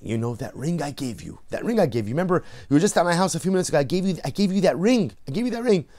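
A man voicing a generous old Hasidic rabbi who speaks earnestly and gently. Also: fairly high pitch, lively intonation, rapid-fire, pitched above the performer's own voice, natural voice. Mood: pleading.

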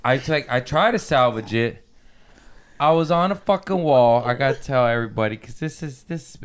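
A man's voice: medium pitch, normal speed, clean tone. A man hosting a casual podcast chat, telling a long anecdote with lots of swearing. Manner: animated, profane anecdote-telling. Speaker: podcast host.

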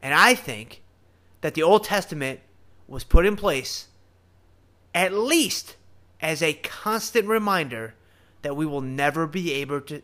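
A man's voice: fairly high pitch, unhurried. A man with a Southern US drawl hosting a podcast, talking earnestly and casually about faith straight to his listeners. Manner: earnest, animated, addresses listeners directly. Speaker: podcast host.

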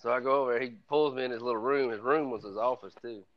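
A man's voice: mid-range voice, fast talker, no room sound, dull audio. A man co-hosting a veterans' podcast, telling a story in a wry, dry-humored way. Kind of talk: casual storytelling chat.

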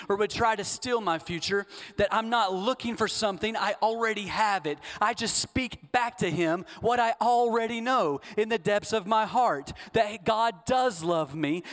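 High-voiced man preaching in a hall. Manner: swings between hushed asides and loud emphatic declarations; leads call-and-response repetition. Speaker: pastor. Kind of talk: sermon. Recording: long hall reverb.

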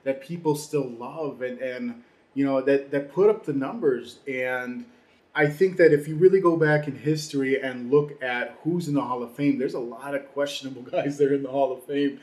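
A man co-hosting a casual sports talk show, from Chicago, talking fast and putting on voices now and then. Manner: animated, mimics people in high voices. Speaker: sports podcast co-host. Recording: roomy echo.

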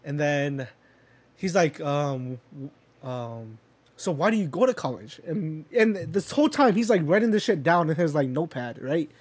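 A man's voice: a little high, expressive, normal speed, slightly rough. Rambling young man telling a story. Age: young adult. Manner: rambling, filler-heavy, swears, chuckles while telling stories. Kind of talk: casual storytelling chat.

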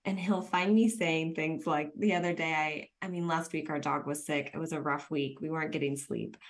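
A woman's voice: low voice, fairly even intonation, moderate pace. A woman hosting a podcast, telling personal stories in an earnest, reflective way. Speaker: podcast host. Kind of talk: casual podcast conversation.

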